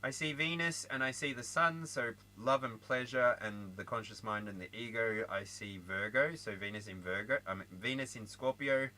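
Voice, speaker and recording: An Australian man giving a casual tarot reading, chatty and animated, with frequent laughter and asides. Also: on the low side, moderate pace, hardly any pauses, low-quality recording. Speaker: tarot reader.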